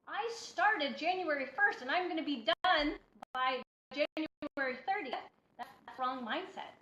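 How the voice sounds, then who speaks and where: A woman's voice: high-pitched, fairly bright tone. A woman giving a blunt, preachy motivational talk as a healthy-eating coach, speaking emphatically to her viewers. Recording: echoey room, dull lo-fi sound.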